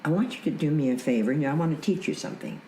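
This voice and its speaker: Woman voicing a calm stern young man. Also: deep voice, racing, roomy sound, a little hiss or hum, poor audio. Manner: steady and instructive.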